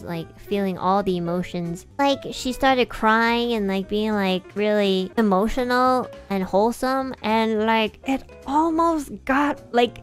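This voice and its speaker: A woman livestreamer in casual chat, rambling with lots of "like" and swearing freely, emotional and sometimes cracking. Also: mid-range voice.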